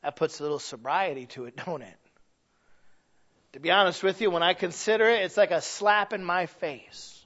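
A man preaching a sermon in a conversational way, swinging from hushed asides to shouted lines. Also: high voice, lively intonation, moderate pace, highs cut off.

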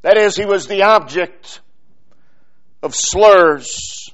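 Slow, high-voiced male preacher. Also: expressive, fairly bright tone, highs cut off. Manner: slow, deliberate preaching with dramatic pauses and falling phrase ends. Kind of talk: sermon.

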